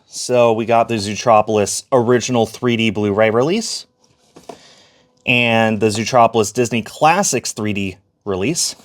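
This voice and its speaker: A man giving a casual, chatty tour of his disc collection, with fillers and self-corrections as he goes. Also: on the low side. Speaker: collector showing his shelf.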